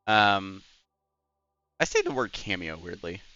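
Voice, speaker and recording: Young male streamer who chats and rambles. Bright, crisp voice with a lively lilt. Dry, lo-fi mic. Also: sits low, moderate pace, dry recording, soft background music. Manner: rambling and chatty, full of "like" and "anyways". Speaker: Twitch streamer. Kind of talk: casual live-stream chat while gaming.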